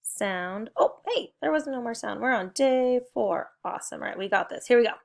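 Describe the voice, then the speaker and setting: A woman's voice: on the high side, lively intonation, brisk, vocal fry. A young adult woman, leading a recorded spelling and phonics lesson for young children with cheerful, encouraging call-and-response prompts. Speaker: teacher.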